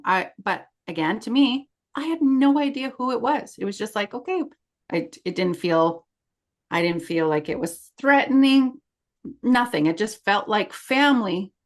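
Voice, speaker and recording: A middle-aged woman co-hosting a podcast, telling a story in casual chat and acting out the quoted lines of others. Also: fairly low pitch. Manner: chatty, acts out quoted dialogue. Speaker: podcast co-host.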